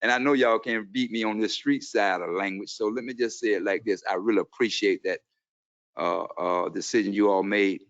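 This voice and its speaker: A man's voice: on the low side, steady tone, moderate pace. A man making an impassioned public comment at a council meeting, confrontational and preachy, quoting scripture. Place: city council chamber. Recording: dull lo-fi meeting audio.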